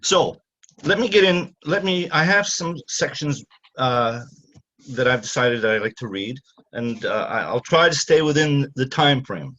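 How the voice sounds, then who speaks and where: An older man from Canada, an author speaking haltingly with many fillers, then reading from his novel. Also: medium pitch, lively intonation, bright, forceful tone, lo-fi sound.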